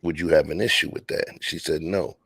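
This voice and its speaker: A man's voice: very deep voice, steady tone, quick pace, fairly bright tone, breathy edge, no room sound. A man hosting a casual late-night podcast, laid-back and slangy, talking from home. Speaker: podcast host. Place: home, near a patio door.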